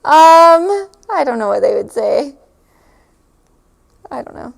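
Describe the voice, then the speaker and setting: A woman's voice: sits high, sing-song, very slow, creaky. A woman chatting casually and giggling often, with lots of fillers as she recalls her time abroad. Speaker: storyteller recalling a stay abroad. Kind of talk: casual chat to camera.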